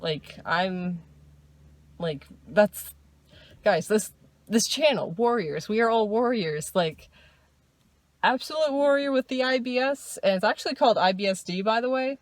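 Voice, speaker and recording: A woman talking casually in a personal diary vlog, rambling, restarting and laughing often, in a dark room at night. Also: medium pitch, lively intonation, a little slow, no echo. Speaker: vlogger.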